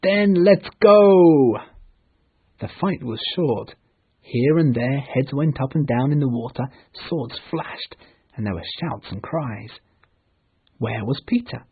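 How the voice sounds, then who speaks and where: A man reading a storybook aloud for English learners, slowly and clearly. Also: medium pitch, narrow, tinny audio. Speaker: narrator.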